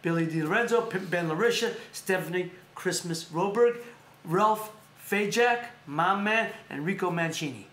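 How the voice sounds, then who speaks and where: A man's voice: high voice, moderate pace, a bit bright. Rambling chatty male show host. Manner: rambling, repeats himself, plugs sponsors. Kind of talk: casual chat show. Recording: echoey room.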